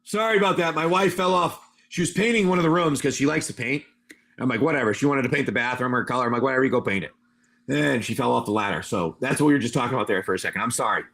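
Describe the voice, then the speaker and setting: A man hosting a live stream and narrating a tabletop game with animated, excitable storytelling. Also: medium pitch, quick pace, gravelly.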